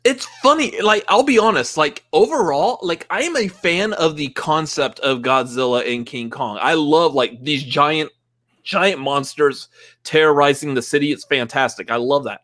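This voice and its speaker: A man's voice: a little high, moderate pace, a bit bright. A young man co-hosting a casual live movie stream, rambling with lots of filler words and frequent laughter. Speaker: co-host.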